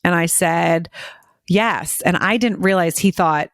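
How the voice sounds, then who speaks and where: A woman's voice: on the low side, slow pace, creaky, no echo, clean studio sound. A middle-aged woman hosting an interview, talking openly and emotionally, telling stories with many restarts. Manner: emotional, animated storyteller with frequent restarts. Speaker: podcast host. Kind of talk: casual interview chat.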